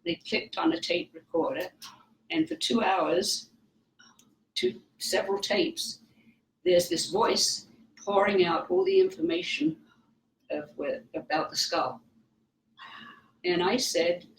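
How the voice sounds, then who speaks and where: Gravelly older Welsh woman telling stories. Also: medium pitch, slow pace, pauses often. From Wales. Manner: animated, acts out other people's lines. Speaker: psychic guest. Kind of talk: anecdotal interview storytelling. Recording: roomy, distant mic, faint noise.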